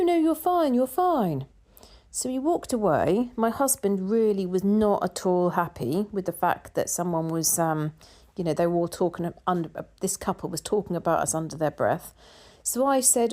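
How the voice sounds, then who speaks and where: A woman's voice: medium pitch, mellow. A woman telling a story in a casual vlog, chatty and full of quoted dialogue. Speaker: vlogger.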